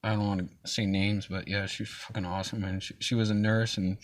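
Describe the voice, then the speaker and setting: Brisk and level in tone, his low-side voice comes through with no room sound. The young man hosts a casual chat stream, rambling loosely, cursing, and laughing a lot.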